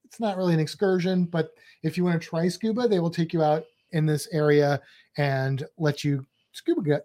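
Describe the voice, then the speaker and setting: A man's voice: high voice, darkish tone. A man co-hosting a podcast, rambling through a walkthrough and cracking jokes and puns. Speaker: podcast co-host. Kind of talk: casual chat.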